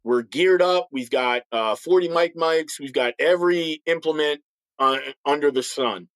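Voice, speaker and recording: A middle-aged man and former police officer, a podcast guest, speaking bluntly and forcefully with frequent restarts. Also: on the high side, a little slow, clear, resonant tone, no room sound, poor audio. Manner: acts out others' voices in stories. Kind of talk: podcast interview talk.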